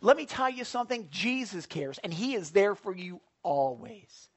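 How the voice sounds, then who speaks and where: A man preaching a sermon in a broadcast Bible teaching, excitable, jumping from loud exclamations to hushed asides. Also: high voice, moderate pace.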